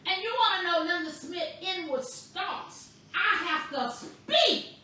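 Lady preacher going slow and emphatic, bold words, echoey far-off sound. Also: very high-pitched, expressive, bright, forceful tone, slight background noise. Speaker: pastor. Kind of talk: sermon. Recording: echoey room, voice from a distance.

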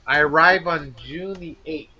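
Male live-stream host, bright forceful tone, friendly, chatty, laughs a lot. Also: a little high, a little slow, muffled recording. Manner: friendly, laughs often, trails off. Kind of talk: casual chat.

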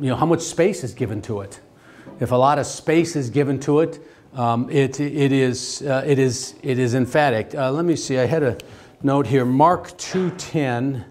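A man teaching a theology class, talking in a halting way with many restarts and fillers and asking the class questions. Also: medium pitch, a little mellow. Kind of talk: classroom lecture.

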